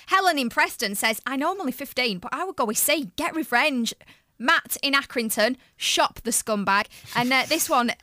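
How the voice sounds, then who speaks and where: A woman co-hosting a radio breakfast show, lively and chatty, reading out listener texts at a studio microphone. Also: high voice, normal speed, no echo. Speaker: radio co-host. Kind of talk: casual radio banter.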